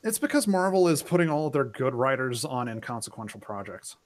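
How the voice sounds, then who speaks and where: A man's voice: mid-range voice, sing-song, a little fast. A young man chatting as a guest on a casual stream, joking and laughing easily. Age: young adult. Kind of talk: casual chat.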